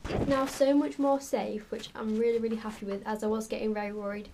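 A woman's voice: a little high, little pitch movement, a little fast, dark tone, slight background noise. A young woman chatting casually in a pet vlog, cooing now and then at her animals. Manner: chatty, coos at her pets. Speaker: vlogger.

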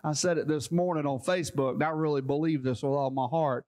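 Preacher, male, high-pitched, fervent repetitive sermon delivery that climbs into shouting, church setting. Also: steady tone, fast talker. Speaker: pastor.

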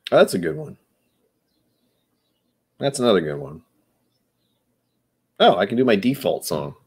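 A man's voice: fairly low pitch, very animated, a little slow, slightly rough. Tipsy man rambling on a livestream. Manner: loose, self-mocking, jokey asides. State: a bit tipsy from whiskey. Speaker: livestream host. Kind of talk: casual rambling livestream chat.

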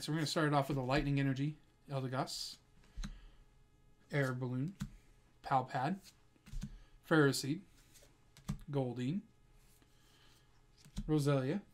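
A man hosting a casual card-pack opening vlog at home, chatting to his viewers and bursting into excited shouts at big pulls. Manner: excitable, breaks into high-pitched shouts over good pulls; keeps addressing viewers as "guys". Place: at home with a dog in the room.

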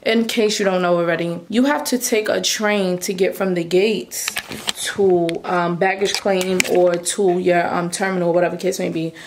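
A young woman talking casually to her viewers in a vlog, chatty and animated as she recounts her day. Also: fairly low pitch, moderate pace, background noise. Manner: chatty, addresses viewers as y'all. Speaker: vlogger.

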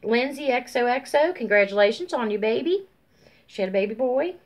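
A woman vlogger giving casual, rambling shout-outs to her viewers over a phone, full of ums and folksy warmth. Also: animated, fairly quick. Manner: high sing-song baby talk to her dog. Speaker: YouTube vlogger.

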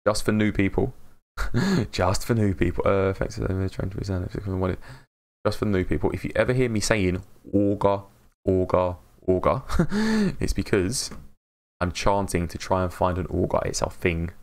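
A low-pitched English man speaks at a normal pace while gaming live, animated and upbeat. He welcomes viewers by name and laughs often in easygoing stream chat.

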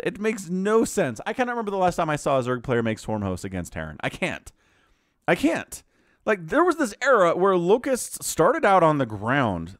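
A man doing video game commentary, animated and incredulous, laughing often and turning sarcastic. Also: a little high, normal speed, no echo, clean studio sound. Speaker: game caster.

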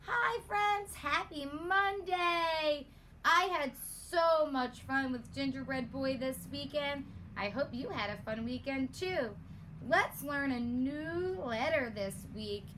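A woman teaching a lesson to small children, her voice high and bright. She speaks slowly and warmly, with cheerful, encouraging sing-song praise, like a preschool teacher greeting her class. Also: a little hiss or hum.

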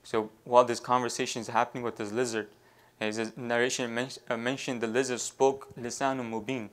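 Halting male preacher telling a story. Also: mid-range voice, little pitch movement. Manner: halting, with many fillers and restarts, weaving in devotional phrases. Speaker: Islamic preacher. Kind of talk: storytelling sermon.

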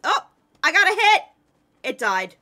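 A woman streaming a game live, commenting excitedly to her chat and teammates. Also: very high voice, unhurried.

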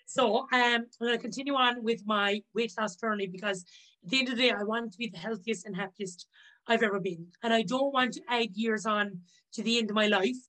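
Lady guest on a chat podcast, slightly high voice, animated quotes. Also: a little fast, rough recording. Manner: upbeat, heartfelt, acts out quoted speech. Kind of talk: casual interview chat.

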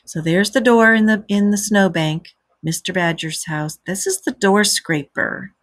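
A woman's voice: mid-range voice, measured pace, no echo. A woman teacher reading a story aloud to children and patiently explaining words.

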